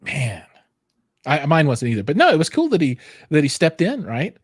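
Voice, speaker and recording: A man hosting a casual livestream chat from home, joking and acting out quoted voices, talking into a boom-arm microphone. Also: huge pitch swings, moderate pace, slightly rough, no echo, clean studio sound. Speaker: livestream host. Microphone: headphones with a studio microphone on a boom arm.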